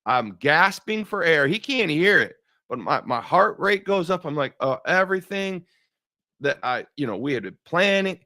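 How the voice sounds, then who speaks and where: A man hosting a faith-based talk show, telling stories in an animated way, often repeating words and laughing. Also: fairly high pitch, normal speed, no echo, clean studio sound. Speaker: show host.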